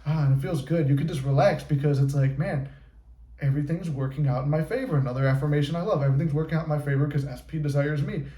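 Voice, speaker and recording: A man coaching on manifestation in a casual, profane, animated monologue. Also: on the high side, fast. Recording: echoey room.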